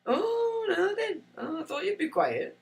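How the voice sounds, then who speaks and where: A man putting on a squeaky, mock-scolding voice for a fussing chat friend. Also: huge pitch swings, measured pace, vocal fry, distant mic, heavily acted.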